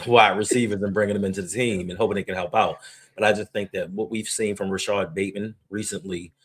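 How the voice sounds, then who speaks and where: A man with a very low, husky voice co-hosts a live stream. He gives sports analysis in a steady, self-assured way that stays casual. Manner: confident, opinionated, measured.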